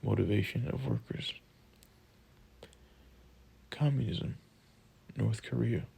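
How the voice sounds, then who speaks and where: A man narrating a textbook audiobook, reading list items in a slow, measured way. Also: on the low side, vocal fry, mellow, a little hiss or hum, rough recording.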